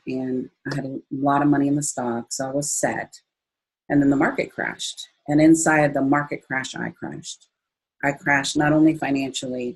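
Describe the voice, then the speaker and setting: A woman in her fifties speaks in a low, husky voice. She is telling her story as an interview guest. Her delivery is expressive, and she leaps up in pitch whenever she quotes her own thoughts. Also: low-quality recording. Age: 50s. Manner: expressive, jumps up high when quoting herself. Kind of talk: conversational storytelling.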